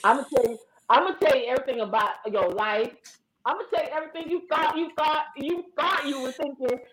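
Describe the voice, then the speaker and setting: A woman co-hosting a casual chat, telling animated stories and acting out both sides of phone calls. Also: sits high, a little fast, echoey room, slight background noise, poor audio. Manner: animated storyteller, acts out phone calls in other voices. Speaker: podcast co-host.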